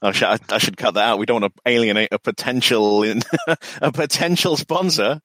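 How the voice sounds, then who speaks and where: A man's voice: on the low side, fairly quick, a bit bright, no room sound. A man co-hosting a podcast, chatting casually with dry, self-deprecating humor. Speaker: podcast co-host.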